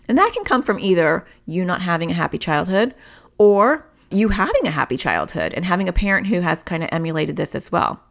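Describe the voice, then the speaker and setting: A woman hosting a parenting podcast, a therapist talking through everyday examples in a casual, conversational way. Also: on the low side. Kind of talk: casual solo podcast talk.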